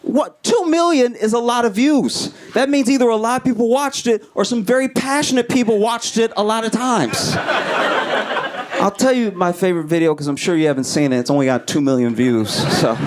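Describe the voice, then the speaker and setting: Brief: higher-pitched male comedian, animated live club set, audience laughter clearly audible. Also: normal speed, heavy background noise. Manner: animated storytelling, acting out voices, pitch swings up and down. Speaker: stand-up comedian.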